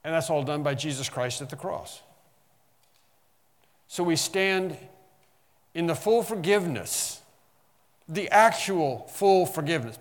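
A man preaching an expository sermon, emphatic, slowing on key phrases and rising in bursts. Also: fairly high pitch, in a large hall. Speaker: pastor.

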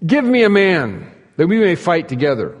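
A man voicing a giant warrior who shouts a defiant challenge in a loud, raised voice, in a reverberant hall. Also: medium pitch, animated, unhurried. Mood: bellowing defiance.

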